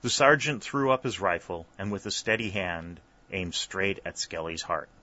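A man narrating a story, with steady, even storytelling. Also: deep voice, moderate pace, no echo. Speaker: audiobook narrator. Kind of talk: scripted narration. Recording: slightly dull, dry recording.

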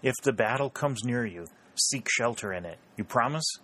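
A man reading an audiobook voices a cautious young officer who speaks calmly and carefully. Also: medium pitch, moderate pace.

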